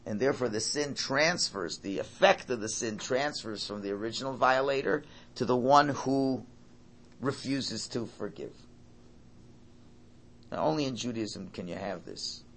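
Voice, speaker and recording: A man's voice: mid-range voice, unhurried, fairly bright tone, a little hiss or hum. Emphatic man teaching a Torah class. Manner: repeats and restarts phrases, emphatic.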